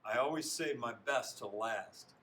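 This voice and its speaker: A man's voice: medium pitch, a little slow, fairly bright tone, a little hiss or hum, lightly acted. A man reading aloud, voicing a clumsy, eager young schoolboy in a storybook. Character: clumsy cheerful fourth-grade boy, later upset.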